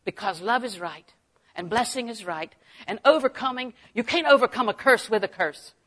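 Her voice is a little high, fairly bright, and expressive, moving at a moderate pace as she gives a sermon-like Bible lesson. She shares personal stories and punctuates them with strong, emphatic statements.

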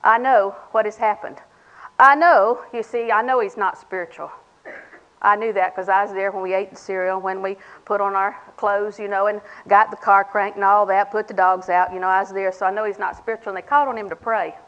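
A woman's voice: mid-range voice, steady tone, a little fast, a bit bright, highs cut off. An older woman preaching a sermon in a folksy, humorous way, acting out little conversations. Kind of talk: sermon to a women's audience.

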